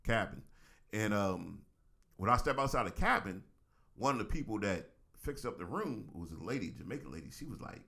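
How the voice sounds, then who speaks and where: A middle-aged man, a reverend co-hosting a talk show, telling stories in a casual, animated way with frequent laughs. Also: fairly low pitch, moderate pace, gravelly. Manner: animated storyteller, laughs often, acts out voices. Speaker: co-host, reverend. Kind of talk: casual chat.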